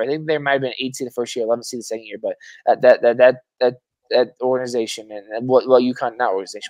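A man co-hosting a sports podcast, talking in an animated, casual way, repeating words, restarting sentences and swearing freely. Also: mid-range voice, no room sound. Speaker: podcast co-host. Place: Arizona.

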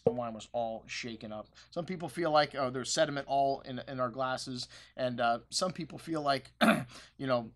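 A man's voice: medium pitch, fairly bright tone. A man hosting a wine shop video, talking in a loose, chatty way with plenty of fillers and asides. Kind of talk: casual video promo talk. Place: wine store.

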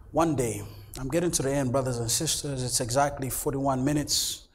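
A man preaching as pastor in a church, shifting between loud shouted lines and quiet low ones while he voices imagined church members. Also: moderate pace. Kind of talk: sermon.

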